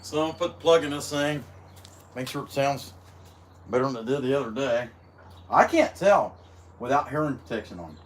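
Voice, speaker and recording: A middle-aged chainsaw carver hosts a live stream from his workshop, rambling folksily and chewing as he works on a chainsaw. His mid-range voice is expressive and brisk, broken by frequent pauses, with a little background noise.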